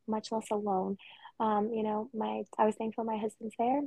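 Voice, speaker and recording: A woman's voice: medium pitch, level tone, moderate pace, creaky, mellow, no echo, poor audio. A woman co-hosting a podcast, chatting casually and openly about her feelings and laughing often. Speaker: podcast co-host. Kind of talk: casual heartfelt chat.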